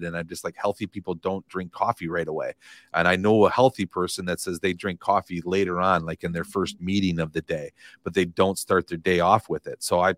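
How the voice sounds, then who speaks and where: Deep-voiced man, earnest coaching talk. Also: fairly bright tone, dry recording, clean studio sound. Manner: earnest, motivational, repeats phrases. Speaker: podcast guest, real estate coach. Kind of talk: casual interview talk.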